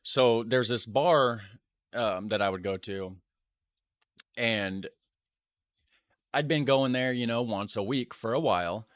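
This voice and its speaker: A man's voice: mid-range voice, takes it slowly, long pauses, a bit bright, dry recording, studio quality. A man hosting a reaction video, talking casually with rambling, hedging asides. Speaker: reaction channel host.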